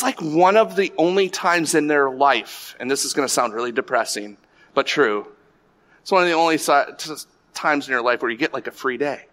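Animated bright-voiced male preacher. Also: sits high. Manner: animated storytelling, many restarts and asides to the audience. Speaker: pastor. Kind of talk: sermon with personal stories.

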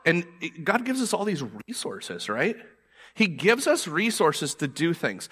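A man preaching a sermon as pastor, animated and emphatic, repeating his points for weight. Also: sits high, normal speed, husky.

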